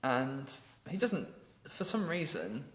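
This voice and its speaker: A man's voice: mid-range voice, big pitch swings, slow, roomy sound. An Englishman co-hosting a podcast, improvising a story in a rambling way with many ums and laughs. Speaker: podcast co-host.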